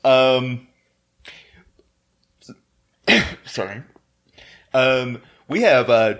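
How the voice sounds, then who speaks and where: A man hosting a podcast who laughs a lot and hesitates with frequent ums while he runs the episode. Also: medium pitch. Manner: laughs often, slow, hesitant delivery with many ums. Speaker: podcast host. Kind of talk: casual podcast chat.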